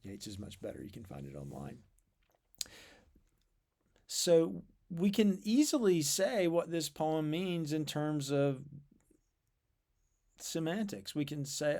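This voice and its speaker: A man explaining poetry in a measured, thoughtful way, with fillers and repeated words. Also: fairly high pitch, very animated, vocal fry, darkish tone. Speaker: literature lecturer.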